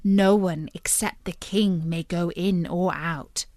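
A woman's voice: fairly low pitch, fairly even intonation, slow, a little mellow, no echo, studio quality. A woman voicing eager townspeople in a read-aloud storybook, telling news in an earnest, telling manner. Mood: gossipy.

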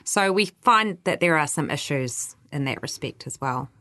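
A woman's voice: sits low, lively intonation, normal speed, sharp tone, no room sound, studio quality. A woman with a New Zealand accent, answering interview questions as a workplace culture adviser, explaining patiently. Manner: explanatory, quotes others in livelier voices.

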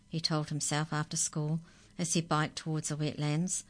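A woman calmly reading a children's story aloud. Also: sits low, moderate pace.

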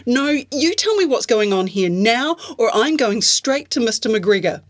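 A woman voicing a prim young farm girl who is frightened and alarmed, speaking in a shrill voice. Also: sing-song, a little slow.

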